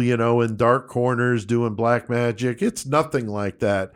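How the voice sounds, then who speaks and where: Man, podcast host, laid-back explaining tone, mid-pitched. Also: measured pace, few pauses, clean tone. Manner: relaxed, explanatory, with many fillers. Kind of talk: casual chat.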